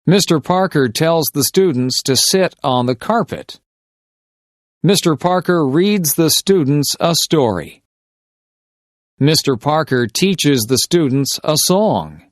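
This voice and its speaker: Slow, deliberate male story reader. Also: fairly high pitch, lively intonation, dry recording, clean studio sound. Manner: deliberate, carefully paced reading of short sentences. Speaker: English practice reader. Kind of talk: slow scripted story reading for shadowing practice.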